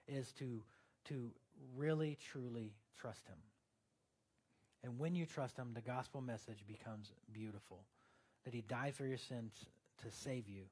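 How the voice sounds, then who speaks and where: A man's voice: medium pitch, a little mellow, slightly rough. A male pastor preaching a sermon in a conversational way, turning earnest and emphatic, with joking asides to the congregation.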